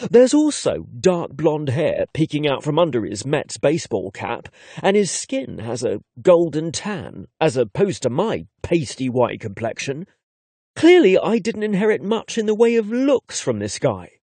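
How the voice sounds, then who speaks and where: A man narrating a first-person romance audiobook in a cheeky, expressive way. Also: a little high, unhurried, dry recording.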